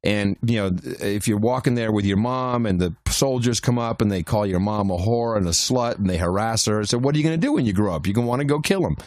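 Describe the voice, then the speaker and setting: A podcast co-host with a darkish, lowish voice talks quickly and with few pauses while telling a long, meandering travel anecdote. He restarts often and leans on fillers in the casual chat, captured in dry, studio-quality sound.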